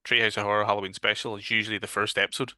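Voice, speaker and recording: A man's voice: fairly low pitch, level tone, racing, pushed and bright, dry recording, clean studio sound. A man with a Northern Irish accent, co-hosting a casual horror podcast chat, swearing freely and loosely. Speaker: podcast co-host.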